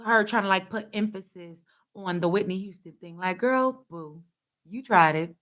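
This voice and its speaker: A woman's voice: mid-range voice, normal speed, fairly bright tone. Sassy, blunt woman host. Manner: sassy, blunt, talks back to clips. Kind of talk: casual commentary.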